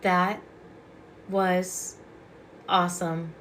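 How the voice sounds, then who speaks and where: A woman's voice: lowish voice, little pitch movement, extremely slow, fairly bright tone, slight background noise. A woman hosting a casual livestream as a Reiki and hypnosis practitioner, chatty, affectionate and rambling.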